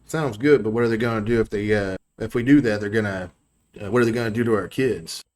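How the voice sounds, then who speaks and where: A man voicing a wary adult male militia leader in a tabletop game, who speaks in a halting drawl full of hesitations. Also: on the low side, lightly acted.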